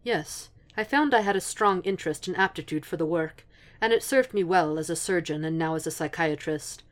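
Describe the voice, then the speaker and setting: A woman voicing a calm, suave older male psychiatrist, speaking quietly and in a measured, soothing way in a storybook reading. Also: lowish voice, natural voice.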